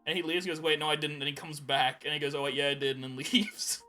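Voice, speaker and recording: A man's voice: on the high side, flat delivery, quick pace, bright, forceful tone, faint music behind. A young man co-hosting a podcast, telling rambling stories in casual chat and laughing often. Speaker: podcast co-host.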